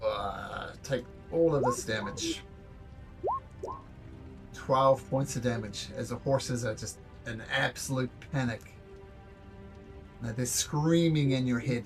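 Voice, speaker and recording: A man running a tabletop game as game master, narrating in a halting way with many fillers and repeated words. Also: medium pitch, soft background music.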